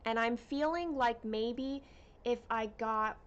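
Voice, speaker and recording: A woman hosting a casual cross-stitch livestream at home, chatting with viewers and reading out their comments in an unhurried way with plenty of fillers. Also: on the high side, clean tone, dull audio.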